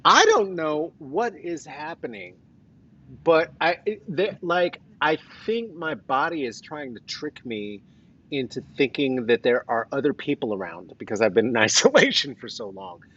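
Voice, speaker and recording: A man's voice: fairly high pitch, animated, measured pace, a bit bright, husky. A man with a Colorado accent and traces of the East Coast, hosting a casual livestream with playful, rambling, jokey asides. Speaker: host. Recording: slightly dull lo-fi sound.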